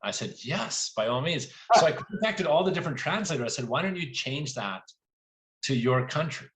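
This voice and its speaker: A man speaking as an author guest at a live library event, telling lively anecdotes and voicing quoted lines along the way. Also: fairly high pitch, normal speed, slight background noise.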